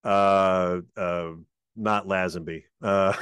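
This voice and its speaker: A man in a casual chat, easygoing and a bit hesitant, often pausing with fillers. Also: low voice, fairly even intonation, fairly bright tone, clear, resonant tone, no room sound.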